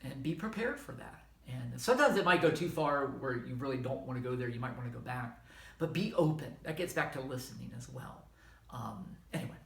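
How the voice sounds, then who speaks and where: Brief: middle-aged Southern lecturer, casual and self-correcting, animated delivery, reverberant room. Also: male voice, medium pitch, brisk, creaky. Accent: Southern American. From American South. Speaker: history lecturer. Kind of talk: informal classroom lecture. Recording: echoey room.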